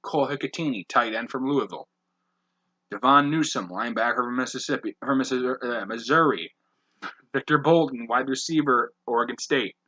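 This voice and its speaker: A man hosting a podcast, briskly reading off a long list of names with blunt, profane asides. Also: mid-range voice, sharp tone, lo-fi sound. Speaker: podcast host.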